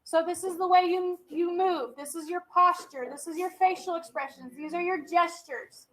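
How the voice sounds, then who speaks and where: A woman teaching a class, her voice sitting very high. She lays out each point step by step and keeps asking "okay?" to check the room is with her. When students chatter she turns firm and calls them to order. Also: fairly even intonation, normal speed, low-quality recording. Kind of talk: classroom lecture.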